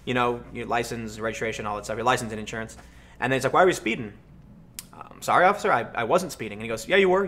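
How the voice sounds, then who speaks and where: Man, American, livestream host, casual, animated storyteller, mid-pitched voice. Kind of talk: casual livestream commentary answering chat.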